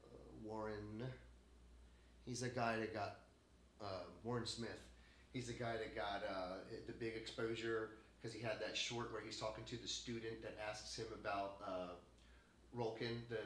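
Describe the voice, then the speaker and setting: A man hosting a casual podcast, talking in a rambling, animated way with plenty of swearing and laughter. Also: on the low side, normal speed, roomy sound, a little hiss or hum. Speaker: podcast host. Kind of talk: casual chat. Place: room in a home.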